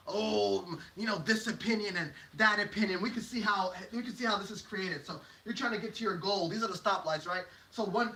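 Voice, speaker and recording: Bright, animated man lecturing at a board. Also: high voice. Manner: animated, playful, slangy, laughs often. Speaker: whiteboard teacher. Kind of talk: casual motivational lecture at a board. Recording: echoey room, mic at a distance.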